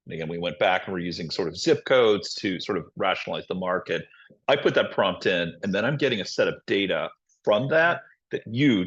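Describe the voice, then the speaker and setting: A man co-hosting a live stream, calmly recapping the process so far and hedging often with "sort of". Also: low voice, gravelly. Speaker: co-host, moderator. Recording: dull lo-fi call audio.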